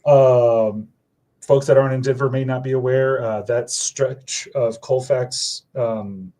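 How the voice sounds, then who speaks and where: A man's voice: medium pitch, steady tone, slow, mellow. A man in casual chat announcing supporter events, rambling with many fillers and self-corrections. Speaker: supporters group organizer.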